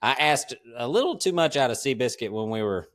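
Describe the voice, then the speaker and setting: A man's voice: mid-range voice, brisk. Laid-back drawling man telling stories. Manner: laughs often, drawling, relaxed storyteller. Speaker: podcast host. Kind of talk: casual storytelling chat.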